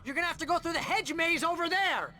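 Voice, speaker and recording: A man's voice: extremely high pitch, quick pace, bright, forceful tone, a little hiss or hum, exaggerated voice. An actor voicing a jittery, nervous male sidekick in video game dialogue, yelping and panicky, heard as game audio under a stream.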